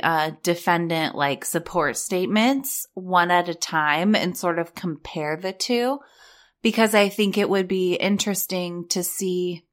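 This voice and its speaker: A woman's voice: fairly low pitch, fairly bright tone. A woman giving casual, blunt commentary while reading court documents aloud, sarcastic and swearing freely.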